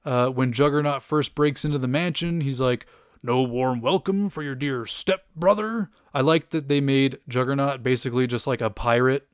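A man's voice: mid-range voice, clean tone, no room sound, studio quality. A man casually chatting about a cartoon episode, enthusiastic and rambling with lots of fillers and laughs. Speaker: podcast host reviewing a cartoon. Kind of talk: casual chat.

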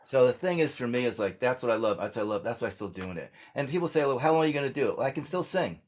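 A man's voice: medium pitch, expressive, very fast. An older American man, a singer-songwriter, chatting casually in an interview and telling rambling stories with lots of restarts. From United States. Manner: rambling storyteller, many restarts and fillers.

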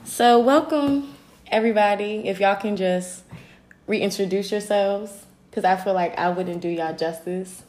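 A woman's voice: mid-range voice, measured pace. A woman hosting a podcast, chatting casually and teasing her guests. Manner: playful, teasing, lively introductions. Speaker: podcast host.

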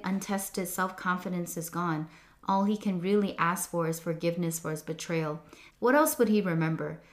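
A woman giving a scripted devotional reflection in an earnest, measured, reflective way. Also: mid-range voice. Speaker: devotional speaker.

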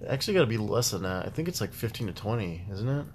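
A man's voice: lowish voice, big pitch swings, fast talker, slight background noise. Laid-back man podcast host. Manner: laid-back rambling, laughs often. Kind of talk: casual chat.

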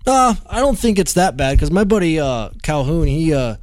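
A man in casual conversation who speaks in a measured way, filling pauses with "uh" and "you know.". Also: fairly high pitch, big pitch swings, no room sound. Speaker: guest, former soldier and touring guitar tech. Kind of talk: casual chat.

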